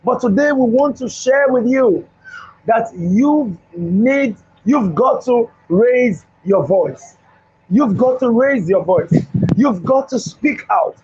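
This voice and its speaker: A man's voice: extremely high pitch, lively intonation, takes it slowly, darkish tone, a little hiss or hum. A male host giving a motivational talk with a Bible story, preacherly and repeating phrases for emphasis, in a studio. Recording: dull lo-fi recording.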